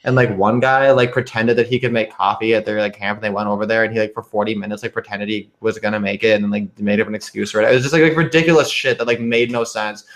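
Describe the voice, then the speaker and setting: A man's voice: fairly low pitch, fairly even intonation, fast talker, few pauses. A man who is a guest in a casual chat, telling a story with constant filler, heavy swearing and sarcastic asides. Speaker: podcast guest.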